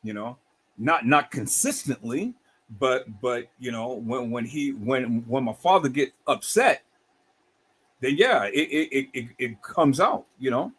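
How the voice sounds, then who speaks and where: A middle-aged man hosting a livestream, talking in an animated, preachy way with many repeated words. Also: medium pitch, unhurried, slightly rough. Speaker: livestream host.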